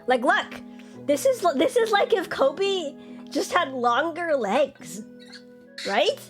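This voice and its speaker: A woman's voice: high voice, very animated, a little slow, soft background music. A young woman streaming, chatting casually and bubbly, jumping up into squeals when she greets her chat.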